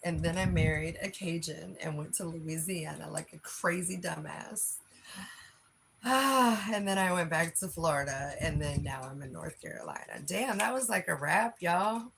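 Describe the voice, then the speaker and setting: A woman's voice: deep voice, normal speed, vocal fry, a bit bright, slight background noise, rough recording. A woman in her late forties with a Philadelphia accent, chatting frankly on a livestream, reading comments and laughing often. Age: 40s. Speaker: livestream host.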